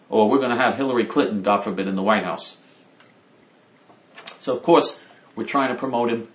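A man's voice: medium pitch, moderate pace, long pauses, echoey room. A man giving opinionated political commentary, indignant and emphatic, repeating his points.

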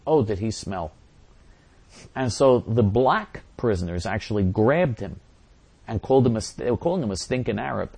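A male talk show host answers listener messages at a middling pitch. He rambles through them with restarts and sarcastic asides. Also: a little mellow.

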